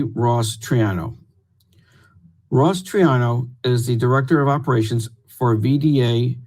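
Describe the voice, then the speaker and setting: A man in his fifties presenting an award, reading a prepared citation in a steady, formal way. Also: mid-range voice, low-quality recording. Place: home room, virtual event.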